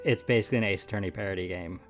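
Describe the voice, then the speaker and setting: A man's voice: deep voice, steady tone, racing, faint music behind. A man streaming a game with a friend, easygoing and chatty while he sets things up. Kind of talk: let's play banter.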